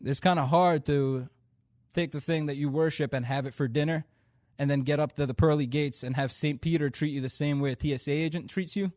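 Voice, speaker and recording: A man's voice: fairly high pitch, steady tone, a little fast, darkish tone, no room sound, clean studio sound. A young man from India performing a stand-up comedy routine, telling stories in a playful, self-deprecating way.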